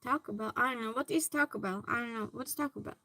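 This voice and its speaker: Stream host, woman, fairly high bright voice, friendly chat with viewers from her hobby room. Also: fast talker, no echo, poor audio. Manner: chatty, greets viewers by name. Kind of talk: casual chat reading viewer comments.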